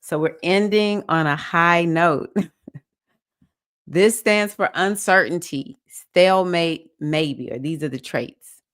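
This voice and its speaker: A woman's voice: fairly low pitch, takes it slowly. Southern-accented woman hosting a live chat. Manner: warm, encouraging, reads comments aloud and cheers viewers. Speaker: spiritual teacher hosting a live session. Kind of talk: casual live-stream chat.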